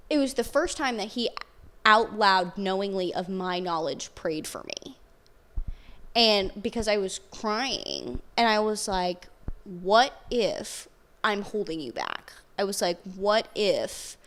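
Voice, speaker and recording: A young woman telling a personal story in casual podcast conversation, animated and peppered with "like". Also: medium pitch. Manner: animated storytelling, heavy use of "like".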